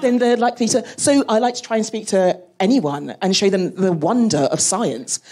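A woman space scientist talking as a guest on a live panel, lively and laughing as she tells stories. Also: mid-range voice, moderate pace, slightly rough. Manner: animated, laughing, storytelling. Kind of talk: live podcast panel talk. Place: live audience at a museum event.

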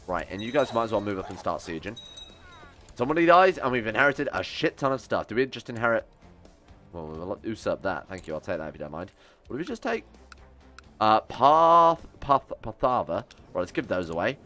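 A man's voice: on the low side, a bit bright. A young man giving casual, chatty gameplay commentary, sarcastic and swearing as he talks back to the game's characters. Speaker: gaming YouTuber.

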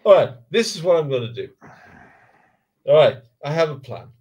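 Male streamer, excitable and self-mocking, freely profane; lively, slightly high voice. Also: moderate pace, highs cut off, noisy background. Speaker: streamer building a model kit. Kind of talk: casual live-stream chat.

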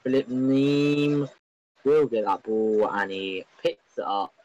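Man, excitable rambling match commentary, openly biased, dry close sound. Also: mid-range voice, slow pace, dry recording, dull audio. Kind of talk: live esports football commentary.

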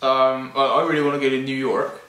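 A man's voice: mid-range voice, flat delivery, fairly quick, fairly bright tone. A man, chatting casually as a vlog co-host in a laid-back, hesitant way. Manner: laid-back, hesitant, full of ums and likes. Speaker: vlogger co-host. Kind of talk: casual chat. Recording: roomy sound, mic at a distance.

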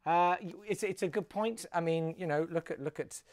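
A fairly high-pitched, slightly mellow male voice moves at a moderate pace in a clean, dry studio recording. He hosts a solo live comedy webcast, rambling wryly with plenty of fillers and restarts.

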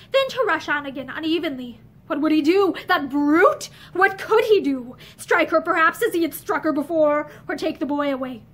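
A woman with a high voice reads an old novel aloud, seated before shelves full of books. She gives the spoken lines a touch of character while the narration stays plain. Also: fairly bright tone. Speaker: audiobook reader. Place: room with bookshelves.

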